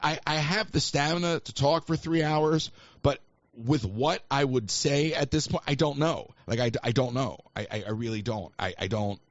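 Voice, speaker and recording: A man hosts a live call-in show and talks in a loose, self-mocking ramble at an everyday pitch. His voice sounds dry and close, with a slightly dull, lo-fi stream quality. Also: moderate pace, dry recording. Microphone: livestream mic.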